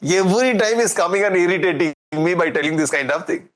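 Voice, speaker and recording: A man's voice: sits high, fast, fairly bright tone. A man with an Indian English accent voicing an indignant demon-king father who scolds his son in disbelief. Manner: scolding, incredulous.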